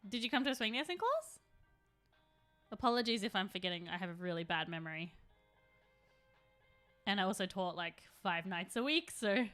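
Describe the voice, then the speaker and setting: A woman's voice: mid-range voice, pushed and bright. A woman in her thirties chatting casually on a live stream, rambling and answering chat while she paints miniatures.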